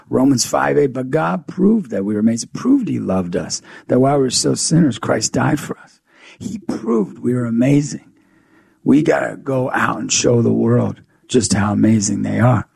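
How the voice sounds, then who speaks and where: A man's voice: mid-range voice, vocal fry, darkish tone, breathy edge, no room sound, studio quality. A man as a guest in a faith interview, earnestly telling a story and acting out the dialogue. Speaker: guest speaker.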